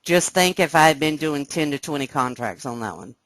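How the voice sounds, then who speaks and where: A woman teaching a live trading webcast, explaining step by step and often checking that listeners follow, sounding excited. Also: low-pitched, brisk, no room sound. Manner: excited, animated. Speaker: trading instructor. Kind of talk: live trading room lesson.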